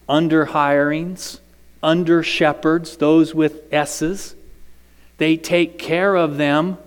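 High voiced preacher guy, slow and smooth, storytelling sermon, echo all over the hall. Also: little pitch movement. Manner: emphatic, storytelling, drops to whispers. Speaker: preacher and teacher. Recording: long hall reverb.

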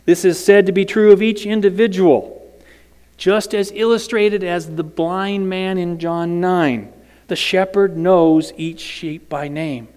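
A man's voice: high voice, clear, resonant tone. A man preaching a sermon, emphatic and storytelling, at times dropping to a whisper. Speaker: preacher and teacher. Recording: long hall reverb.

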